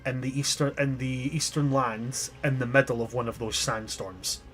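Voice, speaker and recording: A man's voice: medium pitch, fairly even intonation, normal speed, a bit bright. A man narrating a tabletop game as game master, descriptive and chatty with frequent restarts.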